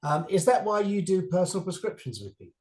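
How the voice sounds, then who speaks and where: High, lively-voiced male interviewer. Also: fast talker. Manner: brief, encouraging interjections. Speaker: interviewer, charity chairman. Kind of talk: interview questions.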